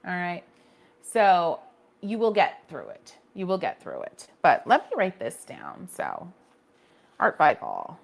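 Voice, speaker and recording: A woman's voice: lowish voice, huge pitch swings, slow, vocal fry. A woman hosting a casual painting livestream, chatting with viewers and reacting to their comments, often restarting her sentences.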